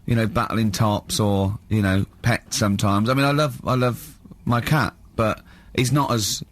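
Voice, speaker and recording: A man's voice: lowish voice, steady tone, normal speed. An English man hosting a comedy radio show, telling stories in a teasing, giggly way. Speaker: radio host. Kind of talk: casual comedy radio chat. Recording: radio studio.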